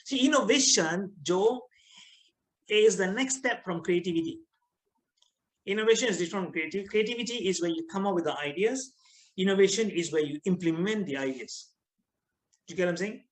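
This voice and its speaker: A middle-aged man with a Malaysian English accent giving a lively, teasing online lecture to students, often asking them questions. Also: high voice, fairly quick, long pauses, rough recording.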